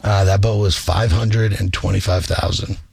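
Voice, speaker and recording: A man's voice: low voice, steady tone, normal speed, no room sound. A man from New Hampshire, a guest on a radio talk show, easygoing and joking. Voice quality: gravelly, husky. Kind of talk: casual interview chat. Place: radio studio. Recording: dry studio sound.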